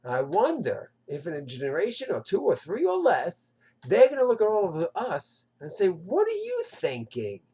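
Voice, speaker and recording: A man's voice: sits high, normal speed, slightly rough. A man giving a short, impassioned Torah talk, asking rhetorical questions and mimicking others. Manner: rhetorical, animated, swings into mocking quoted voices. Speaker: Torah teacher. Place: Israel.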